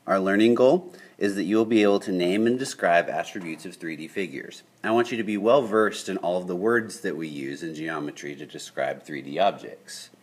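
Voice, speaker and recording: A man's voice: deep voice, a little fast, few pauses, breathy edge. A young man teaching a geometry lesson on video, upbeat and checking in with his students often. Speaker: high school geometry teacher.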